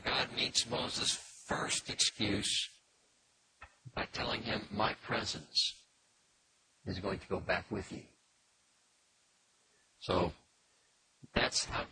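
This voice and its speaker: A man teaching through a Bible passage in a measured, explanatory way, pausing often with fillers. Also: lowish voice. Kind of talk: expository Bible lesson. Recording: noisy recording with faint clicks.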